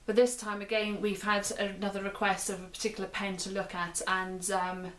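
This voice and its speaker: A British woman chats casually on her pen review show, often repeating and restarting phrases as she describes the pen. Her mid-range voice is a bit bright, shows little pitch movement, and goes at a normal speed.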